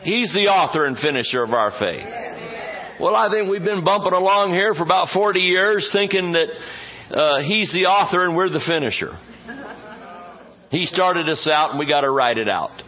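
A slightly high-voiced male pastor preaches in a folksy, joking way, drawing out words to stress them. The recording sounds dull and muffled. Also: normal speed. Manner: folksy, joking asides, stretches words for emphasis. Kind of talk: sermon.

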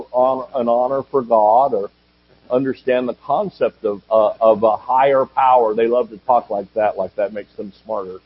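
A man's voice: mid-range voice, husky. A man preaching a sermon as a pastor, asking rhetorical questions, joking and calling for amens from the congregation. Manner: preaches with jokes, rhetorical questions and calls of amen. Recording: dull lo-fi audio.

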